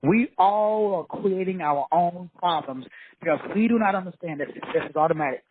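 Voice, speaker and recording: This man's voice sits high and moves at a moderate pace as he gives a fiery motivational lecture, blunt and preachy, hammering his points again with swearing. The tinny, dry, phone-like recording has a noisy background.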